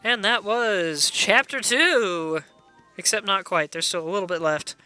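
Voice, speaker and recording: A man's voice: high-pitched, a little slow, bright, forceful tone, smooth, soft background music. A man casually commenting on a game playthrough live, wry and chatty, reading viewer messages aloud. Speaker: gaming streamer.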